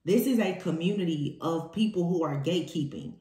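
A woman's voice: fairly low pitch, a little fast, warm tone. Emphatic woman giving a tarot reading. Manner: emphatic, repeats key phrases. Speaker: tarot reader. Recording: echoey room.

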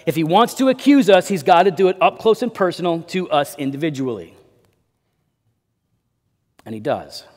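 A man preaching a sermon as pastor, with dynamic delivery that swings between loud emphasis and quiet low drops. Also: lively intonation, moderate pace, pauses often, big-room sound. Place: church sanctuary.

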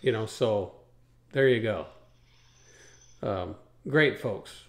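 A man's voice: fairly low pitch, slow pace, reverberant. A man hosting a trucking talk show, rambling in a folksy way and walking listeners through charts step by step. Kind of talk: casual radio talk show chat.

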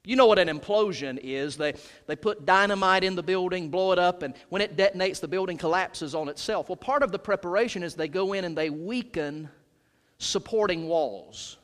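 A male senior pastor preaching a sermon during a worship service. He delivers it emphatically, swinging from loud shouts to hushed low lines. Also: normal speed. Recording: reverberant church sanctuary.

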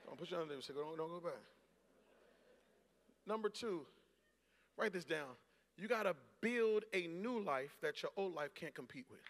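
A pastor in his forties preaching a sermon, telling a story and rising into shouts and laughter. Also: high-pitched, animated, brisk, slight background noise. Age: 40s. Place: large church hall. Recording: long hall reverb.

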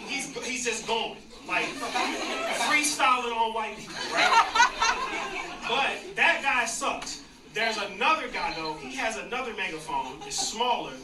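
A stand-up comedian on stage, telling a chatty, animated story and doing impressions. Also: mid-range voice, unhurried, over a noisy crowd. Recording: distant, echoey club recording with loud noise.

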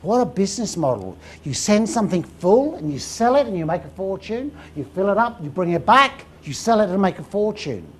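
A woman's voice: mid-range voice, a little fast, hardly any pauses, slight background noise. A woman giving a live lecture, telling history as a story and quizzing the audience. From England. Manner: lively storytelling, asks the audience questions. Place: lecture room.

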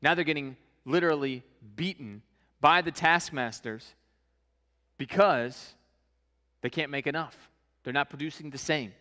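Bright-voiced preacher in a reverberant hall. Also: male voice, a little high, measured pace, long pauses. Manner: casual, conversational, acts out scenes in slang. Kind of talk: sermon.

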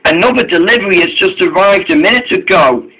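A man's voice: high voice, lively intonation, fairly quick, bright, forceful tone, slightly rough, pitched above the performer's own voice, heavily acted, rough recording. A man voicing a matter-of-fact male shunting engine giving orders in a storybook tale.

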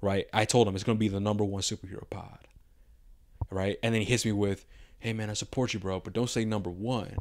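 ممثل شاب يقدّم بودكاست يتحدث بعفوية ويحكي القصص بأسلوب مسترسل، بلغة عامية مليئة بالشتائم. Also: male voice, fairly low pitch, steady tone, fast. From Mexican-American. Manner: loose, rambling storytelling with heavy slang and swearing. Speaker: podcast co-host. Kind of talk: casual podcast chat.

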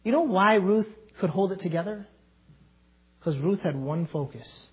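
A man preaches a sermon in a church, his high, husky voice rising into emphatic bursts. The recording is dull and lo-fi, like an old church tape. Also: lively intonation, measured pace. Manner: emphatic preaching with sudden loud outbursts. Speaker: pastor.

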